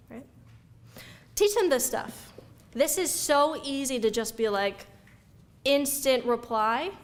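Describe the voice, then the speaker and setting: A woman giving an energetic, conversational talk to an audience, acting out everyday reactions as she goes. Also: fairly high pitch. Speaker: speaker giving a talk on youth mental health. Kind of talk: lively lecture to an audience. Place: event room before an audience.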